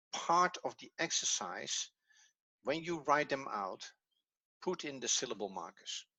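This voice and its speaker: A man's voice: mid-range voice, pushed and bright. A man with a Dutch accent, a native Dutch speaker teaching a language lesson in English, patiently repeating key words as he explains. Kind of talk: classroom lesson.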